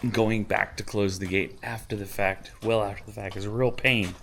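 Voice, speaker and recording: Low-voiced middle-aged dad chatting at home, soft background hiss. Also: male voice, normal speed, gravelly. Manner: relaxed storytelling, gentle coaching to his kids. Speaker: vlog host and father. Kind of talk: casual family vlog talk.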